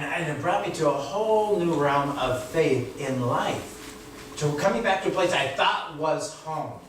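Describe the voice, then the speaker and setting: A middle-aged pastor from California preaches in a conversational way, often checking in with "right?". His voice sits high for a man. He is heard from far off in a very echoey church hall with clear room noise. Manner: conversational, tags phrases with "right?" and "you know?". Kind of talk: sermon. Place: church sanctuary.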